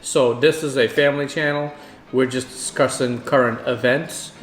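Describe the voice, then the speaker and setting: A man co-hosting a home vlog with his wife, chatting casually while eating, relaxed and agreeable. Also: medium pitch, moderate pace, roomy sound, soft background music. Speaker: vlog co-host, husband.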